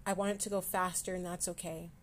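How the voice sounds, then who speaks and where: A woman hosting a personal podcast, talking candidly and with self-deprecating humor, often halting with fillers and restarts, close to tears at times. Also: on the low side, level tone, a little hiss or hum. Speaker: podcast host. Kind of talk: personal mental health podcast.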